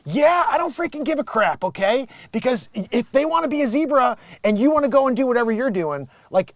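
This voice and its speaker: A man's voice: sits high, dry recording. A middle-aged man from Connecticut hosting a show, delivering a sarcastic, swearing comic rant. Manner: sarcastic, swearing, drifting into bits. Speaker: show host. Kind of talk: ranting comic monologue.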